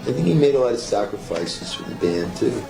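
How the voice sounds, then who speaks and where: A band member reflecting thoughtfully in a documentary interview. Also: male voice, on the low side, big pitch swings, brisk, creaky, music in the background, low-quality recording.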